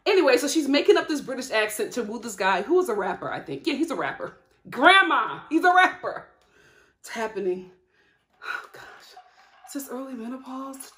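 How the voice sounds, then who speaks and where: A young woman giving a casual, chatty TV episode review as a vlogger, laughing often and going off on animated asides. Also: on the high side. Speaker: TV recap vlogger.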